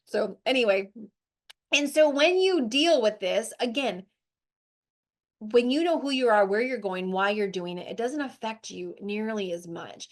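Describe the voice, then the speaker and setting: A middle-aged woman hosting a weight-loss show, giving an animated, chatty motivational talk to her group. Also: a little high, a little slow. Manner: animated, chatty, with lots of "like" and "right?".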